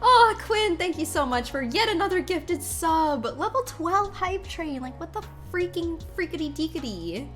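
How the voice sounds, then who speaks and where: A woman's voice: extremely high pitch, very animated, normal speed, hardly any pauses, a bit bright, faint music behind. A woman streamer chatting with her viewers, giggly and effusive, exclaiming often. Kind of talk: live-stream chat with viewers.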